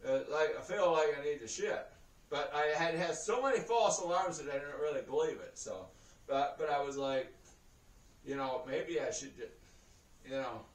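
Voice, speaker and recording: A man's voice: fairly high pitch, expressive, normal speed. A man telling a story in a casual vlog, rambling and swearing, often breaking into laughter. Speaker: vlogger. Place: indoor room. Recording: roomy echo, heard from a distance.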